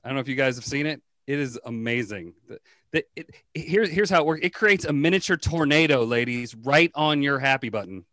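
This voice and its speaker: A man doing a crude, profane stand-up comedy set, riffing fast. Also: medium pitch, lively intonation, sharp tone, no echo.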